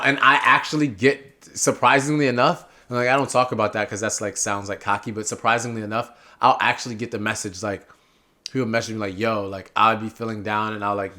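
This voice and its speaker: A young man chatting as a podcast guest, animated and rambling, often drifting off on tangents. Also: fairly low pitch, brisk. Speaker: podcast guest, political candidate. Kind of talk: casual interview chat.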